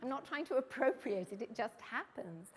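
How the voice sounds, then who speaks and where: A middle-aged English woman from England telling a personal story on stage in a reflective, wry, measured way. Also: fairly high pitch, lively intonation, husky, big-room sound. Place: stage event.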